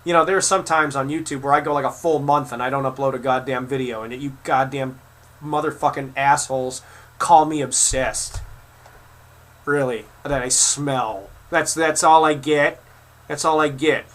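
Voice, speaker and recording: In an angry, profane rant aimed at his critics, a twenty-something creator swears heavily and trips over repeated words. His mid-range voice is a bit bright, with fairly even intonation and a moderate pace.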